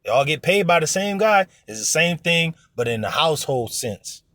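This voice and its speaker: Man, informal preacher, blunt, profane, emphatic, fairly high voice, dry close sound. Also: big pitch swings, normal speed, bright, forceful tone, no echo. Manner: acts out voices in his stories. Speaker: religious teacher. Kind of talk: informal preaching to an online audience.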